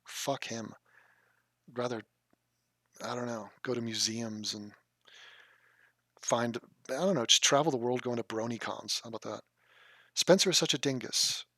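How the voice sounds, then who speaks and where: A man's voice: medium pitch, unhurried, pauses often, pushed and bright, dry recording, studio quality. A man casually reading and answering a live chat, crude and mocking, swearing freely.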